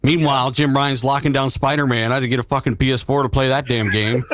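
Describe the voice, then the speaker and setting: A man's voice: medium pitch, steady tone, fast, fairly bright tone, dry recording, clean studio sound. A man ranting heatedly and swearing as a guest on a live gaming stream. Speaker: guest commentator. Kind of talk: casual live stream discussion.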